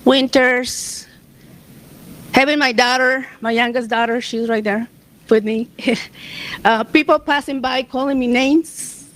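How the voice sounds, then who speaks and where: Emotional woman, high voice. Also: fairly even intonation, a little slow, fairly bright tone. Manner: emotional, near tears, laughs between memories. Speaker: striking union member on a panel. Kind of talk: personal storytelling on a panel.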